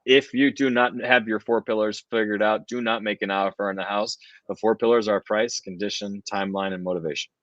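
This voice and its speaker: A man's voice: on the low side, steady tone, a little fast, few pauses, fairly bright tone, dry recording, lo-fi sound. A man hosting a casual business interview, chatty, often repeating himself and restarting sentences. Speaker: podcast host.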